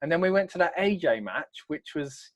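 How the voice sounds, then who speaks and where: A man's voice: a little high, lively intonation, normal speed. A man co-hosting a casual wrestling reaction chat, rambling and trailing off mid-sentence. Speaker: co-host.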